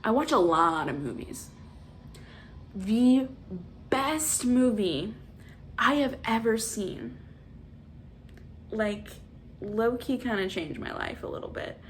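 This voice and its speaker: A woman in her twenties talks through a casual movie review, slow and drawn out, with animated, exasperated rants. Faint room ambience sits quietly behind her voice. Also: medium pitch, slight background noise. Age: 20s. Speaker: vlogger.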